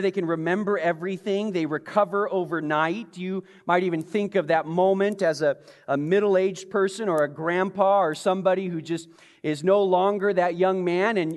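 High-voiced preacher in an echoing hall. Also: male voice. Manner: impassioned, dropping to hushed intensity. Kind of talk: sermon. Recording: long reverb of a large hall.

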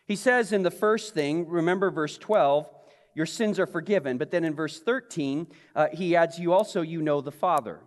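A man's voice: on the high side, moderate pace, long reverb tail. A male pastor preaching a conversational sermon, often putting questions to the congregation.

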